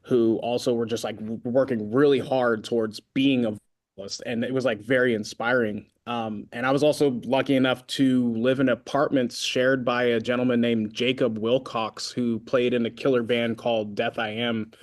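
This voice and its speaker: Speaking at a normal speed in a mid-range voice, a Concord, California native who sings in a band is being interviewed casually. His storytelling is animated and meandering, with plenty of fillers.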